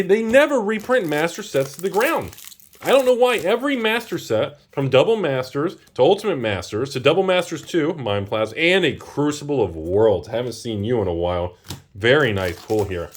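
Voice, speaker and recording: A man's voice: fairly high pitch, slightly rough. A man hosting a casual pack-opening video, chatting about prices and exclaiming over the cards he pulls. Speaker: channel host.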